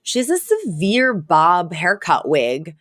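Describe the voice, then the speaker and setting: A podcast co-host with a lowish voice talks slowly, her pitch swooping wildly, in a dry, studio-quality recording. She's chatting casually while recapping a sitcom episode. She laughs often and says "like" a lot.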